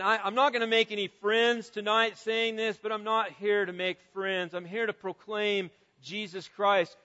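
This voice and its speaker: A high-voiced man preaching an earnest sermon. He stumbles over repeated words and builds to loud cries. His voice rings out in a big hall with a long tail of reverb and sounds a little dull. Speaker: pastor.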